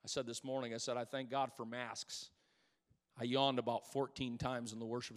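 A man preaching a sermon as pastor in a church, swinging between loud exclamations and hushed asides and calling out to the congregation. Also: medium pitch, level tone, normal speed. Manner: calls out to the congregation. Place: church sanctuary. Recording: long church hall reverb.

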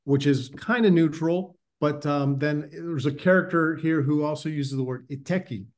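A man's voice: on the high side, moderate pace. A man from the United States, a writer guest on a podcast, telling stories in a rambling, chuckling way. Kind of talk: casual podcast interview.

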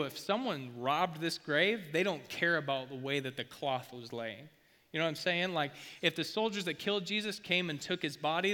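A man preaching a sermon in a casual, slangy, energetic way, reading scripture and breaking off for asides. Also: on the high side, clean tone. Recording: long reverb of a hall.

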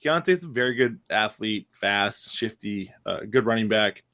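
A man hosting a casual gaming podcast, telling stories in an animated way and laughing often. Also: lowish voice, normal speed. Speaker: podcast host, coach.

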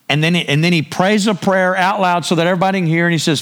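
A male preacher with a fairly high voice delivers a sermon. He speaks with emphasis, keeps asking the congregation rhetorical questions, and urges them to pay attention. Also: fairly quick, fairly bright tone. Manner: draws listeners in with repeated cues.

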